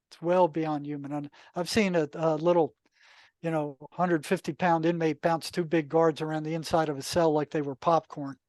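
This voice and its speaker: An older man, a retired therapist, telling anecdotes in a relaxed, conversational podcast interview, full of asides. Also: fairly high pitch, no echo. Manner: relaxed, anecdotal, many asides and "you know". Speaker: podcast guest, retired psychotherapist. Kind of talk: casual storytelling.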